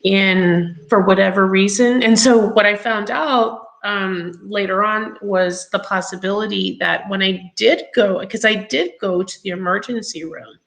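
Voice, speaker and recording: A grown woman telling her own story as an interview guest, chatty and halting with many ums and laughs along the way. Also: medium pitch, vocal fry, a bit bright, rough recording. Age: adult.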